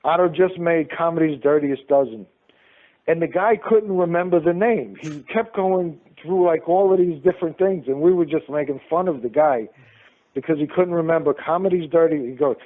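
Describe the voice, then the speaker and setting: Guest spot: New man, slightly high voice, spins anecdotes and plays out every quote, heard down a tinny phone line. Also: normal speed. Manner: animated, acts out quoted lines. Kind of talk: storytelling in a casual interview.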